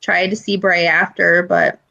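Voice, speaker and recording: A woman's voice: on the low side, little pitch movement, a little slow, creaky, sharp tone, dull audio. A woman co-hosting a podcast, telling stories animatedly with swearing and mimicked quotes. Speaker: podcast co-host. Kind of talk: casual chat.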